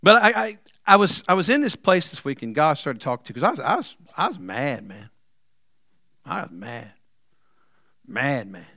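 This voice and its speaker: A middle-aged man preaching a sermon, telling stories with humor and building to loud, emphatic points. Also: on the high side, very animated, normal speed, long pauses, no echo, clean studio sound. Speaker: pastor.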